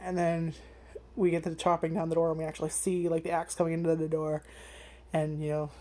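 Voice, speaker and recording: A woman's voice: sits low, little pitch movement, a little fast, warm tone. A woman vlogger chatting casually about an anime, rambling with lots of fillers and freely swearing. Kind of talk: casual first-impressions chat.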